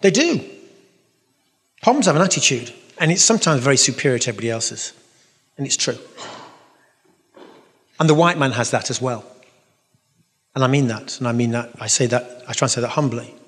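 English preacher in a reverberant hall. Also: male voice, medium pitch, lively intonation, brisk, long pauses. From England. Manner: emphatic, repeating phrases, playful noises. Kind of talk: sermon. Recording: long reverb of a large hall.

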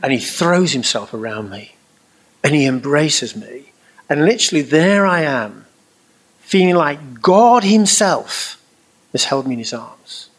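A middle-aged man giving a personal testimony to a live audience, telling it as an animated, anecdotal story with chuckling asides and colourful everyday phrasing. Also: fairly high pitch, measured pace, breathy edge.

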